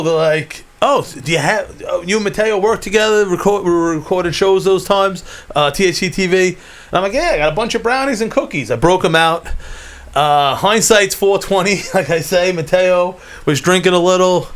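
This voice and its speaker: A man's voice: sits high, normal speed, a bit bright. A young man, telling a wild story on his podcast, rambling, laughing often and swearing. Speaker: podcast host. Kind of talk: casual storytelling chat.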